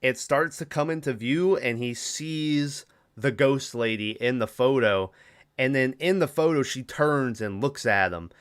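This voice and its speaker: A man's voice: mid-range voice, unhurried, smooth. A young man hosting a podcast alone, loosely retelling a horror film's plot with lots of fillers and swearing. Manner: rambling, profane, filler-heavy retelling. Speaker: podcast host. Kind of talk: casual movie recap.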